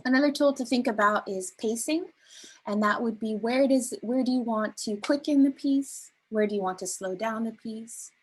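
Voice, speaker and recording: Woman, workshop facilitator, husky soft tone, gentle, hesitant pauses. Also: a little high, rough recording. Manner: gentle, many ums and restarts. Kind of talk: teaching a spoken word workshop.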